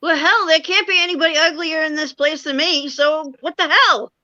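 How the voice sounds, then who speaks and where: A woman's voice: high voice, moderate pace, sharp tone, no room sound, muffled recording. A woman joining a live stream as a guest, chatting casually and joking about herself. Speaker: guest caller.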